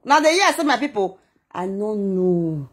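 A woman's voice: mid-range voice, sing-song, measured pace, breathy edge. A woman vlogger telling a story in Nigerian Pidgin, talking dramatically and emotionally, with a scolding edge. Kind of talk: animated gist monologue.

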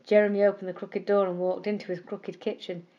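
Gentle woman reading a bedtime story. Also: medium pitch, highs cut off. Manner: gentle, expressive, slowing for emphasis. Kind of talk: scripted bedtime story narration.

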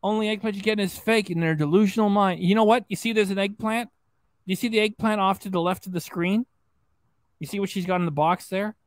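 A man's voice: high voice, steady tone, fairly quick, no room sound. A man hosting a livestream reaction show, reading viewer chats in a mocking, rambling way. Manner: mocking, rambling, repeats himself. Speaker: host.

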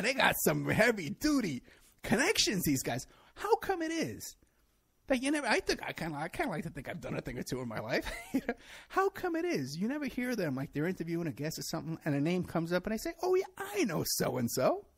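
Middle-aged male host, gravelly voice, rambling sarcastic monologue, lively pitch. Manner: rambling, sarcastic, laughs at his own points. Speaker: show host. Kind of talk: solo monologue commentary.

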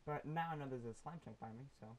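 A gaming YouTuber, young and male, gives loose Minecraft let's play commentary, talking to viewers and mobs with a steady stream of ums. The medium-pitched voice moves at a quick pace, and the rough recording has a little background noise.

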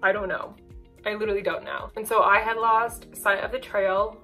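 Woman storyteller, mid-pitched, chatty and animated, vlog-style retelling, faint music bed. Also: moderate pace, poor audio. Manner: chatty, animated, lots of fillers.

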